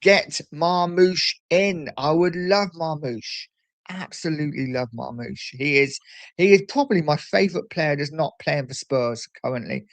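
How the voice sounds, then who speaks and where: A man's voice: on the high side, unhurried, no room sound. A middle-aged man hosting a casual livestream, chatting and reading viewer comments aloud. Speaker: livestream host.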